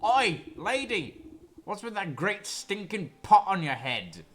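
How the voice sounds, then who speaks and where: A man's voice: sits high, very animated, slow, fairly bright tone, slight background noise, voice pushed up, heavily acted. A man voicing a cheeky young country boy in a game, boastful and grabby with a folksy drawl. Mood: jeering.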